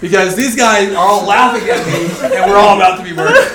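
A man acting out a panicked young man who shouts in terror about an intruder. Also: high-pitched, brisk, reverberant, over a noisy crowd, pitched above the performer's own voice, close to an everyday voice, poor audio. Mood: terrified.

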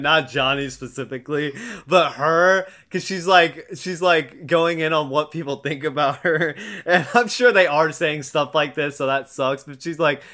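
Young male co-host, brisk recap chatter, tense bright tone, slightly higher voice. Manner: animated, laughing, acts out quotes. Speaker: podcast co-host. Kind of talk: casual recap chat.

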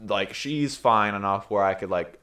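A man's voice: lowish voice, normal speed, fairly bright tone, smooth. A young man co-hosting a podcast, rambling through casual chat, cursing freely and laughing at his own stories. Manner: quotes people in put-on voices. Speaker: podcast co-host.

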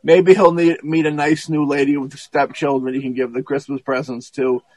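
A man in casual podcast chat, retelling a film plot in a rambling, profane and animated way, with many restarts. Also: fairly high pitch, normal speed, dry recording, poor audio.

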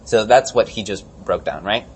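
A man's voice: on the low side, moderate pace, a little hiss or hum. A man in casual conversation, rambling with many fillers and swearing, sometimes acting out scenes. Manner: profane, rambling, acts out scenes in animated bursts. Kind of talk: casual chat.

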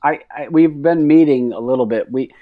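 A man's voice: medium pitch, normal speed, narrow, tinny audio. A man co-hosting a podcast, chatting casually and retelling a comedy sketch with lots of asides. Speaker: podcast co-host. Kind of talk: casual chat.

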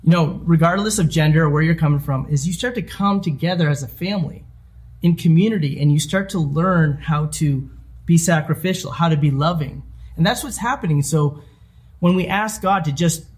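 A young adult man preaching a sermon in a conversational way, with quick asides and acted-out everyday quotes. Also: fairly high pitch. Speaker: pastor.

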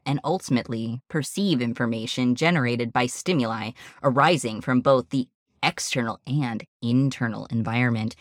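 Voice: mid-range voice, no echo, studio quality. A podcast co-host in casual chat, geeking out over textbook definitions and explaining things in a nerdy way.

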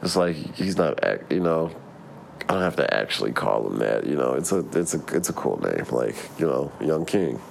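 A man with a very low voice rants freely to his viewers, swearing and rambling. His pitch swings widely as he gets worked up, and a faint noise hums behind him. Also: sing-song, moderate pace, creaky. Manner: rambling, swearing, laughing at himself. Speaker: vlogger. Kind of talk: casual profane rant.

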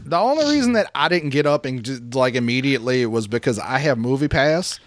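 A man's voice: medium pitch, lively intonation, fairly quick, dry recording. A man co-hosting a comedy podcast, telling a profane story with acted-out quotes. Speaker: podcast co-host.

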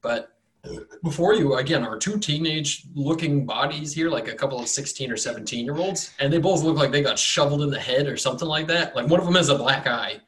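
A man's voice: fairly high pitch, brisk, fairly bright tone. A man narrating as game master, rambling loosely with fillers and self-corrections.

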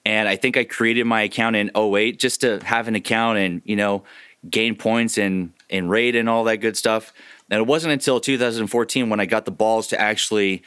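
A podcast co-host and voice actor chats casually, swearing freely and slipping into impressions. His lowish voice is steady, clear, resonant and fairly bright at a moderate pace, recorded at studio quality with no room sound.

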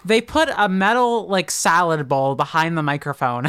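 A podcast co-host chatting casually and making dry, joking asides. The voice is smooth and clear. It is recorded close and dry, with no room sound. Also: medium pitch, expressive, moderate pace, fairly bright tone, no echo. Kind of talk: casual chat.

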